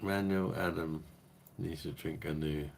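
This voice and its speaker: Deep-voiced tipsy man. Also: fairly even intonation, a little slow, gravelly, slight background noise. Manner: swearing, rambling banter with chat. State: tipsy from drinking. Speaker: beer review livestream host. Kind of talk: casual live stream chat.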